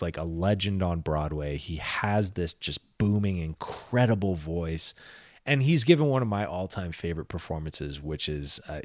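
A man's voice: low voice, dry recording, clean studio sound. A man co-hosting a podcast, telling a long story in casual movie chat, rambling with many restarts. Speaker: podcast co-host.

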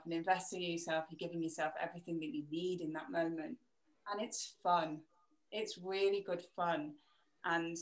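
A woman's voice: lowish voice, a bit bright. A woman speaking as a podcast guest over a video call, encouraging and laughing easily. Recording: roomy echo.

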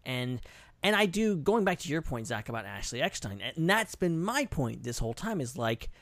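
A man's voice: on the high side, very animated, normal speed, fairly bright tone, no room sound. Male co-host, chatty, hedges his takes, close dry mic. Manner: thinks aloud, qualifies his opinions. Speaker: podcast co-host. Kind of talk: casual podcast chat.

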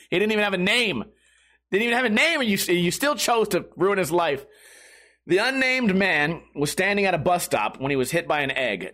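Animated man riffing crudely on odd news. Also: sits high. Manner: animated, crude, laughs often, mocking asides. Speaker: comedy podcast host. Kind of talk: comedic news commentary.

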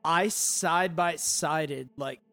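A man co-hosting a casual podcast chat, telling a food story with profane, animated enthusiasm. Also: on the high side, very slow, vocal fry, no echo. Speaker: podcast co-host.

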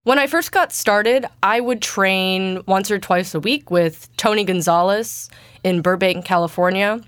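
A young woman talks casually as an interview guest, her voice deep for her age and a bit stuffy from allergies. The tone is smooth and clear, recorded close and dry with no room sound. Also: unhurried, no room sound. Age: young adult. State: congested from allergies. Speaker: guest voice actor.

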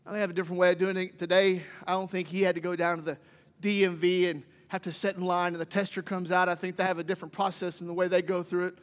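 A man preaching a sermon, moving from loud exclamations to quiet asides and folksy stories. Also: high-pitched, flat delivery, fast. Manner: folksy, humorous anecdotes. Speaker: pastor. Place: church sanctuary. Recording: long church reverb.

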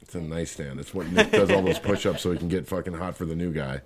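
A man's voice: low-pitched, wildly swooping pitch, fast talker, a loud crowd. A man co-hosting a podcast, joking in crude, profane, mock-jealous banter. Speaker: podcast co-host.

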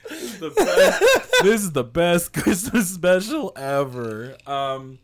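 A man's voice: high-pitched, huge pitch swings, takes it slowly, slight background noise. A man co-hosting a casual podcast, telling rambling stories full of swearing and laughter. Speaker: podcast co-host.

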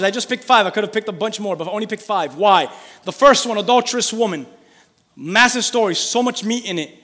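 High voiced pastor guy preaching, asks the crowd to answer back, big echoey church hall. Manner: lively, calls for congregation responses, reads scripture aloud. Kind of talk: sermon. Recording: long hall reverb.

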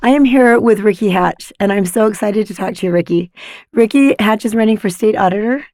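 Scratchy-voiced woman host, hoarse. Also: mid-range voice, brisk, a little mellow, no echo, studio quality. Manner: enthusiastic, encouraging. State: hoarse from laryngitis. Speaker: podcast host. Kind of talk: casual interview talk.

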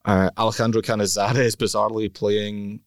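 A man's voice: on the low side, flat delivery, normal speed, dry recording. Teasing man, dry close sound. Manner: teasing, jokey banter. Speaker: podcast co-host. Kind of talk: casual chat.

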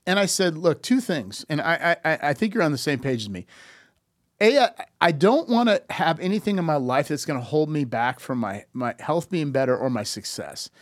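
A man's voice: fairly high pitch, normal speed. A man in his fifties with a slightly raised voice, chatting on a podcast. He tells stories animatedly, acting out the people he quotes and often restarting his sentences. The sound is close and dry, with no room echo. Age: 50s. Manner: animated storyteller, acts out quoted dialogue, frequent restarts. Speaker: podcast guest. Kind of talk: casual podcast conversation.

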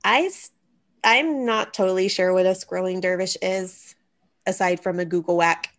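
A woman's voice: on the low side, normal speed, fairly bright tone. A woman hosting a casual podcast chat, wry and teasing, thinking aloud as she looks things up. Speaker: podcast host.

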